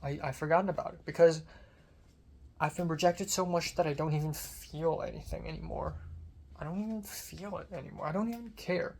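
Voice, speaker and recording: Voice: medium pitch, brisk, a little mellow. A young film student rambles through a casual video diary. The talk is self-deprecating and loose, with casual swearing mixed in. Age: young adult.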